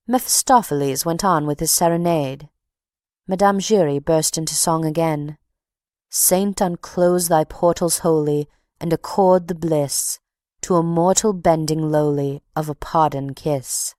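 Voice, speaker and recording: A woman's voice: low-pitched, unhurried, a little mellow, no room sound, clean studio sound. Woman reading as a haughty, chatty box-keeper. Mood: gossiping. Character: indignant middle-aged woman box-keeper, talkative.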